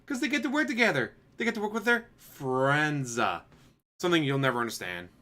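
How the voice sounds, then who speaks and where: A man's voice: fairly high pitch, sing-song, brisk, pushed and bright. A man streaming commentary, answering a clip with sarcastic, mocking rebuttals. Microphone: desk USB microphone.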